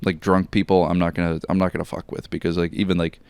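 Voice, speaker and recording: Deep-voiced young man telling a rambling story. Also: flat delivery, quick pace, gravelly, a little mellow, clean tone, no echo. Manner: rambling storyteller, lots of fillers and swearing. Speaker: podcast co-host. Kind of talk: casual chat.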